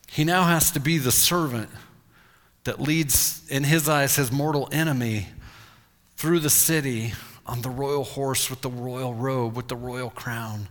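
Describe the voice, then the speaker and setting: A male pastor preaching a sermon, retelling a story in an animated storytelling way. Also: medium pitch. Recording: long hall reverb.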